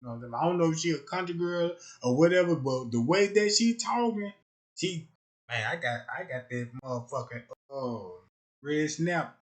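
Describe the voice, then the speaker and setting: Rambling streamer man, voice on the high side. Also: lively intonation, normal speed. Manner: rambling, keeps asking "you know what I'm talking about"; swings between loud outbursts and low mutters. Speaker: live streamer. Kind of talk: casual comedic rant.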